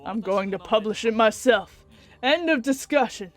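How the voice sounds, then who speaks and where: A woman's voice: a little high, lively intonation, normal speed, soft background music, pitched below the performer's own voice, close to an everyday voice. A woman voicing a cruel, jealous middle-aged male scientist father while reading a visual novel aloud, in a bitter, contemptuous rant. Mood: cold.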